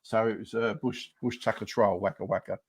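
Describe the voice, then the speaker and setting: A man's voice: on the low side, steady tone, a little fast, husky, dry recording, studio quality. A man, co-hosting a casual podcast, rambling through stories and laughing often. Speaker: podcast co-host. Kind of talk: casual chat.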